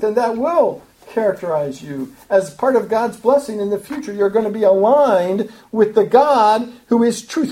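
A dark-toned preacher gives expository Bible teaching, going through scripture verse by verse. Earnest and emphatic, he gets higher and louder on key points and tends to repeat and restart his phrases.

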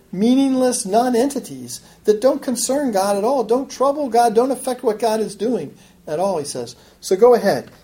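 A woman's voice: lowish voice, warm tone. A woman preaching a sermon, acting out quoted taunts with sarcastic emphasis. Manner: voices God's taunts with rising sarcastic emphasis.

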